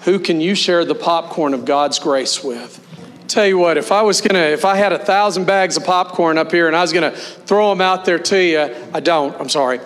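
A man pastor delivering a sermon, leading the congregation in slow, emphatic call-and-response. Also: on the high side, fairly bright tone. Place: church sanctuary. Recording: long hall reverb with mains hum.

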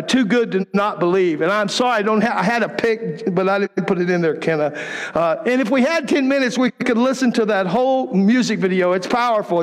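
A man preaching a sermon as pastor, emphatic and impassioned. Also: high-pitched. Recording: long hall reverb.

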